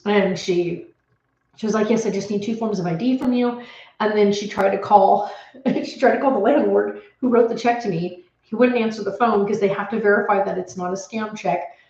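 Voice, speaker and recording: A woman's voice: medium pitch, moderate pace, a little mellow, muffled recording. Anxious rambling woman vlogger, echoey room. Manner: anxious, rambling retelling with many restarts. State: emotional, near tears. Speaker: homestead vlogger. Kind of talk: casual storytelling to camera. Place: home office.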